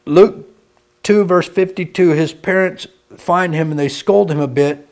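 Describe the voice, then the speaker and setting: A man delivers a sermon with a voice pitched a little higher than most men's. He tells it like a folksy story, rising loud at some moments and dropping to a hush at others. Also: measured pace. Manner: folksy storytelling, with a wide dynamic swing from loud to hushed. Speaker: preacher.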